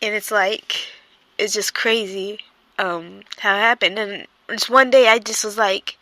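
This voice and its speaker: A woman's voice: medium pitch, steady tone, measured pace, bright, forceful tone, dry recording. A young woman telling a personal story in casual storytime chat, rambling and full of fillers. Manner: rambling, filler-heavy, with frequent "like" and "I'm here like".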